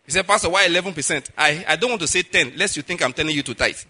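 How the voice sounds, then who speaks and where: A middle-aged male pastor preaching a sermon, pushing his voice higher and louder to stress his points. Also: very fast, slightly rough. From Nigeria. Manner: emphatic, rises in pitch and volume to stress points.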